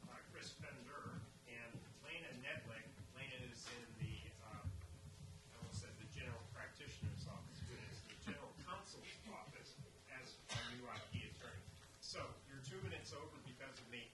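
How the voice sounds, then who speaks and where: A man, a university research administrator, giving a relaxed presentation to faculty with frequent fillers. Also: medium pitch, moderate pace. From Massachusetts. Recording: roomy distant recording with noise.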